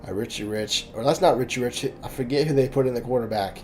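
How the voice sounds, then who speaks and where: A man's voice: mid-range voice, quick pace, slight background noise. A young man from Oklahoma doing joking play-by-play commentary on a video game football league, often laughing and stumbling over names.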